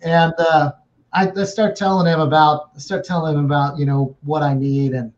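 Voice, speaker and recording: A man's voice: fairly high pitch, fairly even intonation, normal speed, darkish tone, lo-fi sound. A man, a guest running a remodeling business, telling a story casually and restarting his phrases often. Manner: repeats words and restarts phrases.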